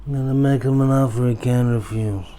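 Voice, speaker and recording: A man doing a slow, mumbling impression of an old, quiet and menacing male mob boss. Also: medium pitch, steady tone, natural voice.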